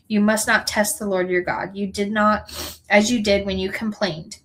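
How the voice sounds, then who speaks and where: A woman reading scripture aloud in an earnest, unhurried way, now and then correcting a word. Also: mid-range voice, fairly bright tone, low-quality recording. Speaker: scripture reader.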